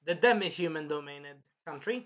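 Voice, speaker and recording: Animated man chatting about an anime. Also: on the high side, moderate pace, lo-fi sound. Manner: animated, swearing, retells scenes in put-on voices. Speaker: anime reviewer. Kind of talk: casual chat.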